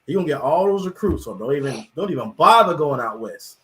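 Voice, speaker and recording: A man's voice: fairly high pitch, very animated, fairly quick, fairly bright tone, poor audio. A man on a sports talk panel, chatty and emphatic as he gives his opinions. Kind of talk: casual sports debate.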